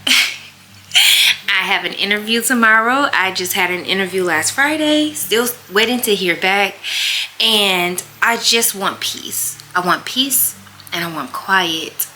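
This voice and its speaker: A woman's voice: medium pitch, bright, forceful tone, a little hiss or hum. A woman in her thirties talking earnestly and reflectively in a personal vlog, often repeating herself. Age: 30s. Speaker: vlogger.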